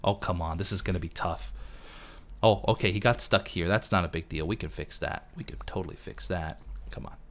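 A man's voice: low voice, fairly quick. A man casually narrating his own gameplay, talking to himself as he builds and fusses over details. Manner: chatty, talks to himself while building. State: losing his voice. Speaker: let's play host.

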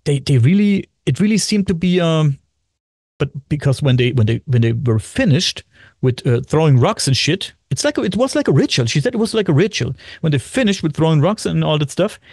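A man, a podcast guest in casual chat, talking excitedly, repeating himself and swearing often. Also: on the high side, dry recording, clean studio sound. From Germany.

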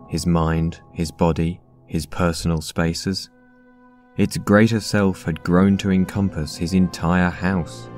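Deep-voiced man narrating a dark story. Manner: measured, even storytelling. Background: synth music.

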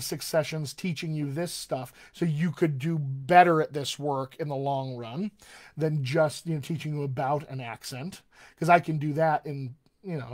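A man, a dialect coach, teaching a live-streamed voice lesson, chatty and encouraging, slowing right down to lead repeat-after-me drills. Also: on the high side.

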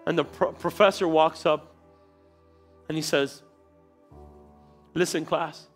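A male pastor preaching a sermon in a church, telling a story with dramatic swings between quiet and loud. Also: fairly high pitch, a little slow, faint music behind. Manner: storytelling, dramatic shifts in loudness.

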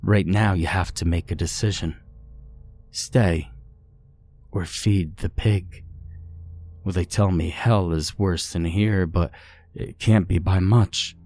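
A man's voice: fairly even intonation, slow pace, long pauses, a little mellow, heavily acted. A man voicing a sad, resigned ghost woman who speaks in a tired, heavy way. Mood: weary. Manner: tired, heavy, low-voiced.

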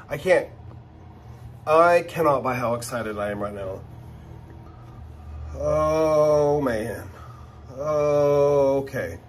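A man chatting casually while unboxing luxury items, gushing and exclaiming with excitement. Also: medium pitch, slight background noise.

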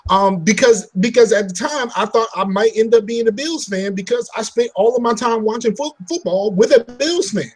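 Husky, high-voiced man chatting casually. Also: normal speed, few pauses. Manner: blunt, joking trash talk; rambling, restarting sentences. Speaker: podcast co-host. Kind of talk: casual chat.

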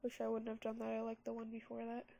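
A woman's voice: fairly high pitch, completely flat delivery, fast talker, gravelly, warm tone. A congested young woman casually reviewing a graphics tablet and showing how she draws, chatty and rambling with many fillers. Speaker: product reviewer. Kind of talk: casual product review and drawing demo. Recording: music playing behind the voice.

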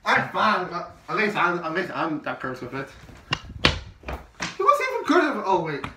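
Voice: mid-range voice, animated, moderate pace, natural voice. Someone doing a stammering, pushy mate-obsessed character. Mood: teasing. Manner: repeats "mate" constantly, stammering restarts. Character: pushy character who calls everyone mate. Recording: echoey room, distant mic, faint noise.

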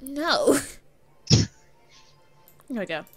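A woman's voice: high voice, big pitch swings, drawn-out words, husky, soft background music. A woman streamer chatting casually on a live stream, giggly and exclaiming, muttering to herself between remarks. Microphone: streaming mic.

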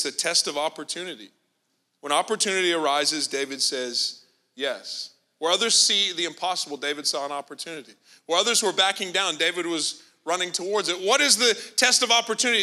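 A Canadian pastor preaches a sermon in a high-pitched, bright, forceful voice. He tells a humorous story and acts out the characters' lines.

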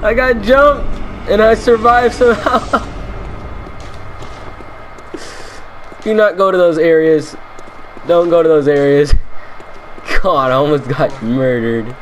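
A man's voice: fairly high pitch, measured pace, pauses often, a little hiss or hum. A man giving casual, jokey commentary while playing a game, chatting to the enemies and laughing often. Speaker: let's play gamer.

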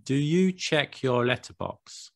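British male co-host, playful and joking; gravelly, dead-dry recording. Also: mid-range voice, lively intonation, takes it slowly, dry recording. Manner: playful, teasing, self-mocking asides. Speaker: podcast co-host. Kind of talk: casual podcast chat.

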